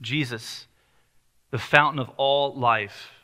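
A man's voice: mid-range voice, slow, bright, forceful tone. A male pastor preaching an earnest, emphatic sermon full of rhetorical questions.

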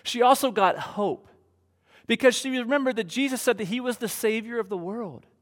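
Male pastor, high-pitched, slow earnest sermon delivery, long hall reverb. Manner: earnest, slow preaching with emphatic pauses.

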